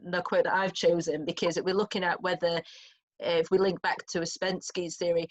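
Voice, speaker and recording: A woman English teacher talking through a play in an informal revision chat, thoughtful and chatty. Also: lowish voice. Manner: thoughtful, chatty, with restarts and small laughs. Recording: lo-fi muffled recording.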